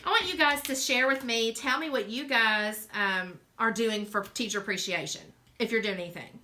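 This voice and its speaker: A woman's voice: on the high side, moderate pace, pushed and bright, slight background noise. A woman with a Southern US accent hosting a craft show, chatting and rambling straight to her viewers as she works. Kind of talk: casual live-stream craft demo.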